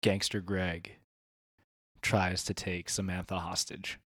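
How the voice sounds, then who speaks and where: A man's voice: low-pitched, little pitch movement, takes it slowly, fairly bright tone, no room sound, studio quality. A man running a comedy improv role-play as game master, rambling and laughing, with many restarts.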